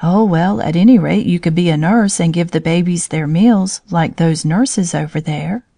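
A woman's voice: fairly low pitch, moderate pace, mellow, no room sound, studio quality. A woman reading a storybook aloud, voicing a curious, questioning young boy who watches the bees. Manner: inquisitive, questioning.

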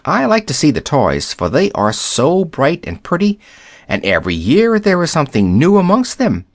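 A man voicing a shy, gentle male rabbit who grows chatty as he talks. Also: a little high, wildly swooping pitch, normal speed, no room sound, studio quality, voice pushed up.

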